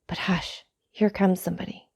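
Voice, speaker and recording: A woman's voice: lowish voice, flat delivery, normal speed, creaky, darkish tone, slightly rough, heavily acted. A woman reading aloud, voicing an earnest young male sailor who speaks to his father in an ardent, pleading way, in a storybook.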